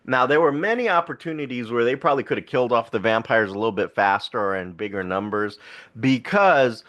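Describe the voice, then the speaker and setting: A man's voice: mid-range voice, a little fast, fairly bright tone. A man co-hosting a podcast, casually retelling a film plot in a rambling way with laughs. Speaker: podcast co-host. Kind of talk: casual film review chat.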